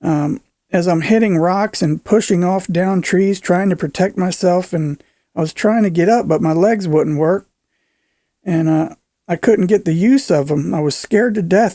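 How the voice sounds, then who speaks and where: A man narrating a viewer's frightening encounter account in an earnest, halting way, with fillers and restarts. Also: sits high, dark tone, no room sound, clean studio sound. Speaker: narrator reading a viewer's email.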